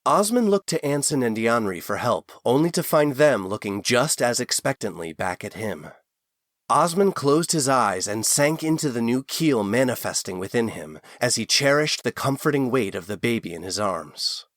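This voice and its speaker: Male audiobook narrator, lively pitch, dry close recording. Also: moderate pace, dry recording. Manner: expressive storytelling. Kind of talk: scripted narration.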